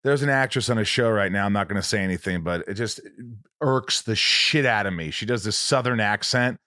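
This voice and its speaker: A man's voice: lowish voice, fairly quick, sharp tone, dry recording, studio quality. A male host conducting an interview, talking bluntly and swearing freely. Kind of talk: interview conversation.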